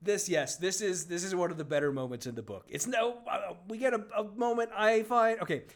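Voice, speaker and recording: A man co-hosting a podcast in casual chat, sarcastic and excitable, breaking into loud laughter. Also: high-pitched, fairly quick. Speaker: podcast co-host.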